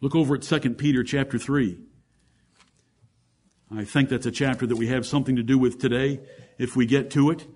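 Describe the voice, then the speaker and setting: A male pastor preaching a sermon, swinging from fervent raised passages to quiet, intimate asides to the congregation. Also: medium pitch, fairly even intonation, brisk, pauses often. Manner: addresses congregation as brethren, rhetorical questions.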